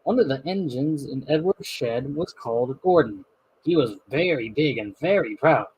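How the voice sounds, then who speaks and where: A man reading a children's storybook aloud, expressive and lively with small slips. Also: medium pitch, normal speed, a little hiss or hum, poor audio. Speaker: storybook narrator.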